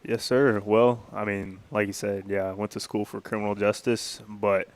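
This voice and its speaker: A man's voice: on the low side, level tone, normal speed, no room sound. A young man in his twenties from northern Louisiana, a polite and earnest guest in a radio interview. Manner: polite, earnest, says yes sir. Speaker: guest, campus ministry worker.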